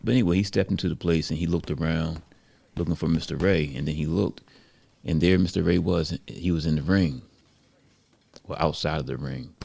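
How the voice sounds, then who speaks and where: A man narrating a story casually, relaxed and reflective, with frequent conversational fillers. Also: rumbling low, brisk, vocal fry. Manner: relaxed, reflective, many "you know" fillers.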